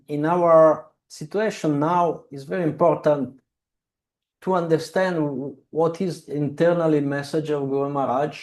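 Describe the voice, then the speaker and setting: Slow, halting man on a video call. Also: fairly high pitch, a little mellow. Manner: halting, searching for words, many restarts. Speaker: speaker on a devotional video call. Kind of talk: slow reflective talk.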